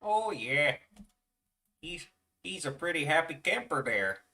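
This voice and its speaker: Young male streamer, rambling and self-deprecating, bright tone, sits back from the mic. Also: a little high, big pitch swings, slow, recorded from a distance. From Chicago, USA. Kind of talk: casual chat while drawing on stream.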